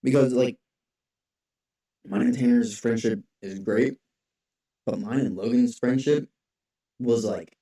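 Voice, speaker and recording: A man's voice: mid-range voice, slow, long pauses, mellow. A young man co-hosting a podcast in casual chat, rambling with lots of "like" and restarts. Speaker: podcast co-host. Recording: echoey room, far from the mic.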